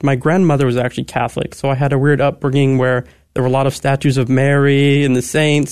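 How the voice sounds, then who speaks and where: A man's voice: medium pitch, a little mellow, smooth, no room sound, studio quality. A young man, a guest on a radio interview, talking eagerly and articulately. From Texas. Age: 20s.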